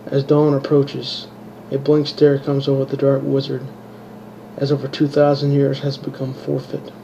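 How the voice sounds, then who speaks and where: A man reading his own fantasy story aloud, halting and restarting words, in a dull lo-fi home recording. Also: mid-range voice, monotone, creaky, warm tone, slight background noise. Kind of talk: amateur audiobook reading.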